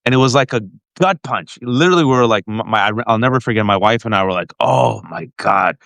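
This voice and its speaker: A man's voice: medium pitch, fast talker, clear, resonant tone, no room sound. Man telling a heartfelt story to his guest. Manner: animated, emotional, frequent restarts and direct address to the guest. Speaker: podcast host.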